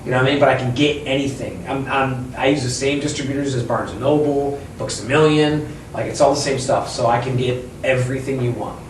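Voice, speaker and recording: A man who owns a bookstore, chatting casually in an interview, rambling and animated as he tells stories. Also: medium pitch, brisk, hardly any pauses, a little hiss or hum. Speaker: bookstore owner and author. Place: inside his bookstore. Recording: echoey room, mic at a distance.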